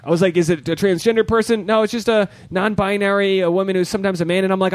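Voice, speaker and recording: A man in his thirties co-hosting a podcast, telling stories in casual chat and swinging his pitch when he quotes people. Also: steady tone, rapid-fire, hardly any pauses, dry recording. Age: 30s. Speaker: podcast co-host. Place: podcast studio.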